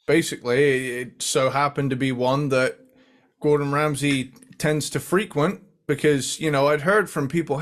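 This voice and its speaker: A man from England co-hosting a podcast, telling stories in hesitant casual chat. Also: mid-range voice. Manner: hesitant, lots of fillers and restarts. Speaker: podcast co-host.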